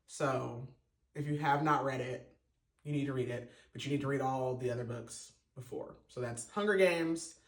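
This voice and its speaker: A man's voice: medium pitch, moderate pace. Gushing man on a roomy podcast. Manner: gushing and emotional, many fillers and restarts. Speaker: podcast host reviewing a book. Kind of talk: casual spoken book review. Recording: roomy echo.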